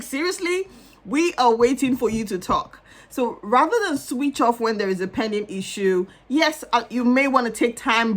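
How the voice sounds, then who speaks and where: Middle-aged woman counselor, a bit high-pitched, earnest and chatty advice to camera. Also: fairly bright tone. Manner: earnest, conversational, many "you know" fillers. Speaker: marriage counselor.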